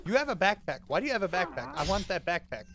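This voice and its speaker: A young man giving let's play commentary, excitable, yelling and swearing at enemies as he plays. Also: sits high, quick pace, music in the background. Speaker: gaming channel host.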